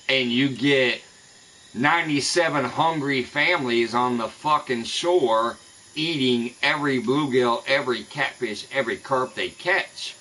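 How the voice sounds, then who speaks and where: A man's voice: mid-range voice, sharp tone, slight background noise, poor audio. A man streaming a fishing game, ranting angrily and cursing constantly at rival streamers. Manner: profane, angry ranting. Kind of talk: live gaming stream rant.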